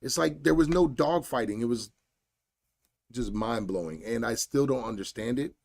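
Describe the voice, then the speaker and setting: A man with a gravelly, middle-pitched voice hosts a solo podcast. He talks bluntly and with energy, in casual slang, like a fight coach speaking his mind. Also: normal speed. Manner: blunt and animated, slangy storytelling.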